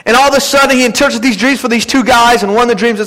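A man's voice: very high voice, rapid-fire, pushed and bright, in a large hall, rough recording. A man preaching a sermon, retelling a Bible story in a casual, conversational way and acting out the characters' lines. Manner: conversational storytelling, acts out biblical characters in quotes.

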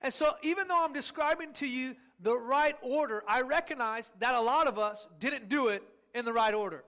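High-voiced emphatic preacher man. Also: bright, forceful tone. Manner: emphatic, drawn-out words for stress; calls on the congregation to repeat words. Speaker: pastor. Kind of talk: sermon.

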